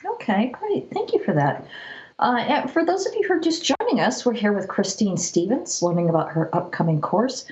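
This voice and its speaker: An upbeat woman hosts a listener Q&A and reads out the audience's questions. Her pitch moves a lot as she speaks. The sound is dull and lo-fi, like audio from an online call. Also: a little mellow. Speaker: host and moderator. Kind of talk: moderating a listener Q&A.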